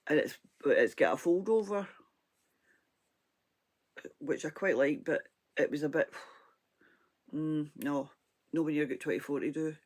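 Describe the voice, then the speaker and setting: A woman with a Scottish accent, her throat hoarse and froggy, chatting casually and rambling about her crochet, with frequent laughs. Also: sits low, a little slow, long pauses, a little mellow. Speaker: crochet vlogger. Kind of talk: casual crafting chat.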